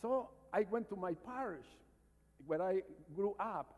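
A priest in his fifties from Mexico with a Mexican Spanish accent, preaching a sermon with stories and calls for amens, sometimes dropping to a hushed voice. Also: sits high, lively intonation, measured pace. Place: large church. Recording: church reverb.

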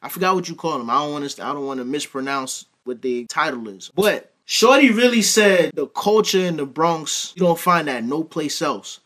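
A man reacts to a clip in a heated, profane rant. His voice is bright and edgy, and he swings sharply between high, loud outbursts and low mutters. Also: normal speed, few pauses. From Brooklyn, New York. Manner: profane, exasperated, animated rants with big swings in pitch. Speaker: reaction commentator. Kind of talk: heated casual commentary.

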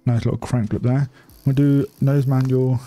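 A man's voice: mid-range voice, level tone, moderate pace, warm tone, soft background music. A young man, chatting and swearing casually while streaming a bike game. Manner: chatty, swears freely, laughs often. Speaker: gaming streamer. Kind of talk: casual live-stream commentary.

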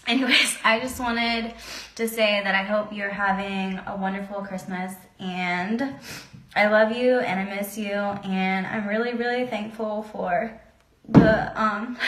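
A young woman recording a heartfelt video message, speaking slowly and haltingly, her eyes teary and close to crying. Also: medium pitch, fairly bright tone, reverberant, a little hiss or hum, low-quality recording. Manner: slow, halting, tearful. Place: cold home room.

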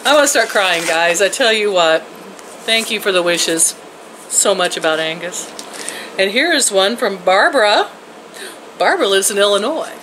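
A woman's voice: medium pitch, expressive, normal speed, fairly bright tone, a little hiss or hum, rough recording. An older woman chatting casually to her viewers from home in a folksy way, laughing often and talking to her pets. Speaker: vlogger. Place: home, indoors and out in her yard.

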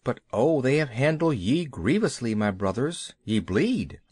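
A man voicing an eager young boy in a children's audiobook, calling out brightly. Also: medium pitch, big pitch swings, measured pace, slightly rough, dry recording.

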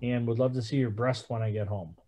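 A man's voice: medium pitch, steady tone, a little fast, warm tone. A man comedian telling a stand-up story over a video call and laughing at his own lines.

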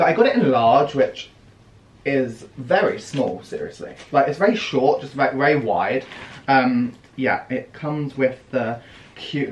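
A young British man chatting through a fashion haul, gushing with theatrical gasps and squeals. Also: medium pitch. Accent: British English. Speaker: fashion vlogger. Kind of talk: casual haul video chat. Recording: echoey room with faint ambience.

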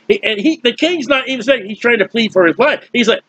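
A man's voice: very high-pitched, expressive, fairly quick, fairly bright tone, husky, dry recording, muffled recording. A man teaching through a Bible passage in a conversational way, explaining with everyday comparisons and often restarting his sentences. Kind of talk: informal verse-by-verse Bible teaching.

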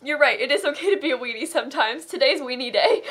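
A woman's voice: high-pitched, animated, normal speed. A young woman streamer reading out donations and thanking viewers, tearful and laughing through tears, with gushing, affectionate thanks. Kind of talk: live charity stream.

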